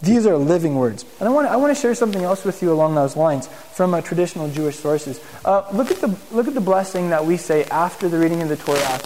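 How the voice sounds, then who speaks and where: High-voiced man preaching in a reverberant room. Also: quick pace, few pauses, a little hiss or hum. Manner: casual and animated, asks the room questions. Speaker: teacher in a Messianic congregation. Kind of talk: conversational sermon.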